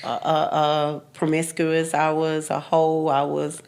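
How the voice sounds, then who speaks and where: Low gravelly woman telling her story. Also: monotone, unhurried, darkish tone. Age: 50s. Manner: blunt, emphatic, repeats phrases, laughs through hard memories. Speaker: podcast guest, survivor sharing her story. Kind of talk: candid personal storytelling.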